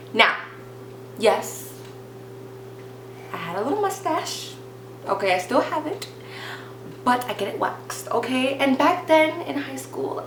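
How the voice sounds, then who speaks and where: A woman's voice: high voice, background noise. Chatty young woman in an echoey room. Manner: chatty, animated, many likes and restarts. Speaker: vlogger telling a story. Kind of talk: casual storytime vlog.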